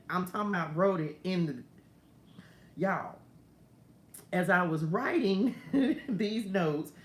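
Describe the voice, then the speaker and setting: A woman giving a casual, laughing, digressive morning devotional straight to her viewers, ending in prayer. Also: fairly low pitch. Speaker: faith coach hosting a morning message. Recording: echoey room with faint ambient noise.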